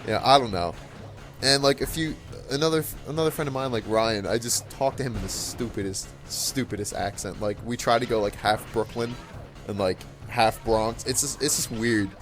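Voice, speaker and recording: A man's voice: mid-range voice, normal speed, soft background music. A teenage boy ranting casually over gameplay, rambling with lots of fillers and restarts in a puzzled tone. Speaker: gaming channel host.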